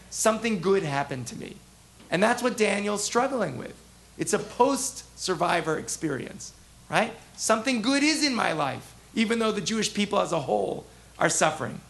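High, gravelly man teaching a text class. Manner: animated, asks the class questions, acts out the prophets' voices. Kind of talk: interactive text lesson.

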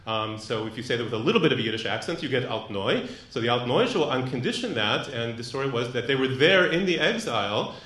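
A man's voice: mid-range voice, lively intonation, fast talker, few pauses, a bit bright. A man giving a live lecture to an audience in a room. He talks thoughtfully, with many fillers and restarts. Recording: echoey room.

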